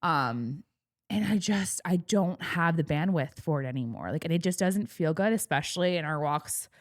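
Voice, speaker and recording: A woman's voice: low-pitched, lively intonation, normal speed, no room sound, clean studio sound. A woman in her thirties co-hosting a podcast, chatting casually and giggling often as she rambles. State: pregnant. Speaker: podcast co-host. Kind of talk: casual chat.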